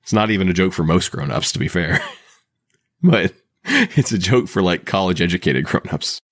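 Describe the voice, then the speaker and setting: A man's voice: sits low, sing-song, moderate pace, a bit bright, slightly rough, no room sound. A man hosting a podcast in casual chat, talking loosely with frequent laughs and restarted sentences. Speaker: podcast host. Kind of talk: casual chat recapping a TV episode.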